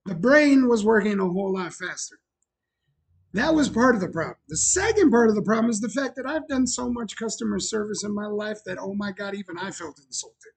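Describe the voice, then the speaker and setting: Man, high voice, husky, casual self-mocking chat, laughs a lot. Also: lively intonation, a little fast. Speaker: bar owner and show host.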